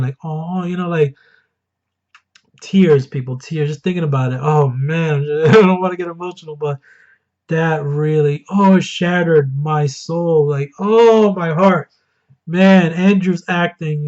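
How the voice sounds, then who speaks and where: Gushing high-voiced man reviewing a film. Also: highs cut off. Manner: excited, gushing, quick swings into loud outbursts. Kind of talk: casual spoiler review monologue.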